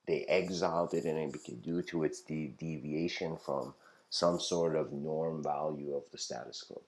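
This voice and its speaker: A man's voice: a bass voice, steady tone, normal speed. A man giving an informal philosophy lecture, rambling and laughing often, acting out the voices in his stories.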